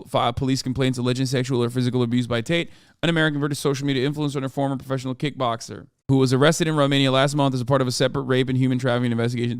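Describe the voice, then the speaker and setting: A man streaming a reaction commentary, profane, animated and sarcastic. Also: medium pitch, clear, resonant tone, no echo, studio quality. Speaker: streamer host.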